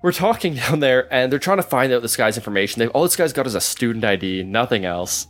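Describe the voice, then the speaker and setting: A man hosting a podcast, telling a story in a casual, animated way and laughing through it. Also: mid-range voice, fast talker, faint music behind.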